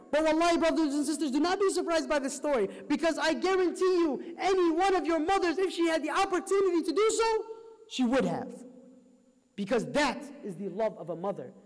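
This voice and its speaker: A man with a very high voice delivers a sermon, urgent and impassioned as he pleads with the congregation. His words ring out with a long reverb, as if heard in a large hall. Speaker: preacher.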